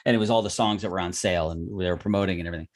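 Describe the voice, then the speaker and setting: A man's voice: low-pitched, steady tone, rapid-fire. A man telling long stories in casual livestream chat, with many restarts and fillers. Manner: rambling storyteller with many restarts. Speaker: podcast co-host. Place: music industry veteran, former record store clerk.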